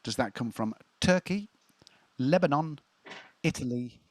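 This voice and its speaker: A man's voice: mid-range voice, lively intonation, measured pace. Chatty man hosting a quiz. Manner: chatty, laughs easily, stumbles and repeats words. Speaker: quiz host. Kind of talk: casual live-stream chat.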